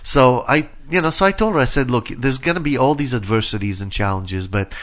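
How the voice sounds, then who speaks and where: A man's voice: medium pitch, a little fast, fairly bright tone. A middle-aged man hosting a radio talk show, rambling with many verbal fillers. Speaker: radio host. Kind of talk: casual radio chat.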